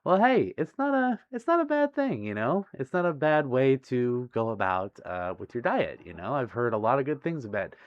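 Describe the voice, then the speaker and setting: A man livestreaming casually from home, reading viewer messages aloud, giggling often and apologizing warmly. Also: mid-range voice, sing-song, moderate pace, few pauses, no room sound. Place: home, near a busy street. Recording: dry, slightly muffled stream audio.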